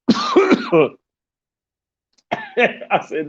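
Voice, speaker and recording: A man's voice: high-pitched, very animated, darkish tone, muffled recording. Laid-back man telling a story. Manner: loose, laughing, profane, drawn-out telling. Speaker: podcast host. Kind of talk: casual storytelling podcast.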